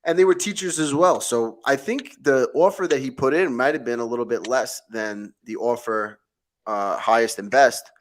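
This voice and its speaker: A man, hosting a show and telling a story in lively, casual chat with many restarts. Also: mid-range voice, normal speed. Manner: animated storyteller, mimics a friend with frequent restarts. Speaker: host, real estate agent.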